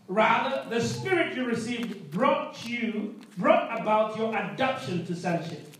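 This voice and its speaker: High-voiced preacher in an echoey room. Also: male voice, lively intonation, unhurried, fairly bright tone, far from the mic. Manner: emphatic, repeats phrases, calls for response. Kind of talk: sermon.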